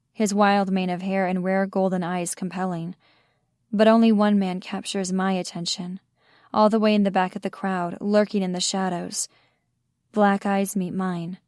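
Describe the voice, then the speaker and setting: A woman narrating a romance audiobook in the first person with measured, intimate storytelling. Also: medium pitch, level tone, darkish tone, dry recording, clean studio sound.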